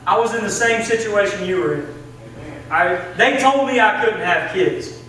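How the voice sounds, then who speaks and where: A man's voice: high voice, expressive, moderate pace, bright, forceful tone. A young man with a Southern US accent, preaching a sermon as assistant pastor in an earnest, conversational way. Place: church sanctuary. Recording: echoey church from a distance, faint hiss.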